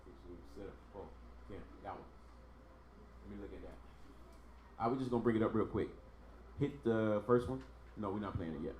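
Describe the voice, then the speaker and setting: Low-voiced man teaching in an echoey room. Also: normal speed, pauses often, darkish tone, a little hiss or hum. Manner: patient, repeats sounds for drilling. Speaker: Hebrew teacher. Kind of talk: online language lesson.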